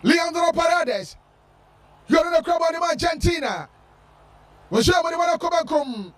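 A man giving shouted football commentary with a chanting, sing-song delivery. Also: very high-pitched, lively intonation, moderate pace, recorded from a distance. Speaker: sports commentator.

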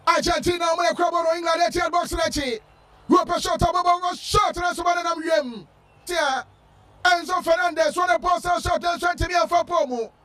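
A man giving shouted football commentary with a chanting, sing-song delivery. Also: very high voice, steady tone, normal speed, far from the mic, soft background music. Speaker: sports commentator.

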